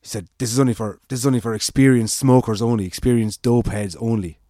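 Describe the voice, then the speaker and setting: A man's voice: medium pitch, quick pace, dark tone, no echo, studio quality. A man with an Irish accent telling a long, rambling anecdote in casual chat, acting out the quoted lines and swearing freely.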